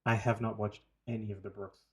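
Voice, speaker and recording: A man's voice: fairly low pitch, flat delivery, fairly quick, a crowd in the background. A man co-hosting a podcast, chatting casually with wry, dry asides. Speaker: podcast co-host. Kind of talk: casual chat about reality TV.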